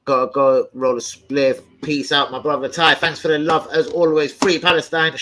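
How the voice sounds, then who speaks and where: A man's voice: on the high side, normal speed, a little hiss or hum, rough recording. A young man, telling rowdy stories in casual chat, swearing often and breaking into yelps and laughs. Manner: swears a lot, loud animated storytelling with yelps and laughs. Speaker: host of a football fan channel.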